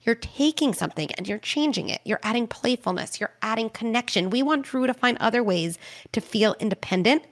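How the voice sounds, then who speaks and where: A middle-aged woman, the host and parenting expert, calmly explaining advice on an advice podcast. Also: a little high, brisk. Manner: calm, explanatory, reassuring.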